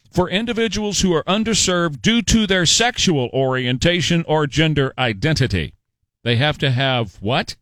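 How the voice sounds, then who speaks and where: Fired-up male radio host ranting, high voice that jumps all over, dry close mic. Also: a bit bright, dry recording. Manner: emphatic, sarcastic, rhetorical questions. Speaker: radio talk show host. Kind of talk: political talk radio monologue.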